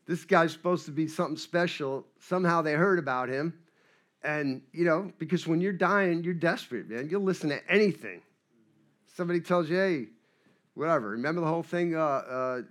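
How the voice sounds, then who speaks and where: A man preaching a sermon in a conversational way, moving between hushed and emphatic passages. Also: a little high, normal speed. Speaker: pastor.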